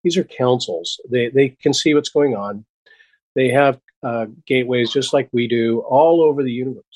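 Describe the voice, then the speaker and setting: Male host, husky, dry close sound, halting delivery with excited bursts. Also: mid-range voice, dry recording, rough recording. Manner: halting, many restarts and fillers, bursts of enthusiasm. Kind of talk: casual spiritual chat.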